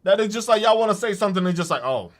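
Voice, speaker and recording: A man's voice: high-pitched, fairly even intonation, very fast. A man hosting a podcast, delivering a profane, mocking political rant. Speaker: podcast host. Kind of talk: ranting political monologue.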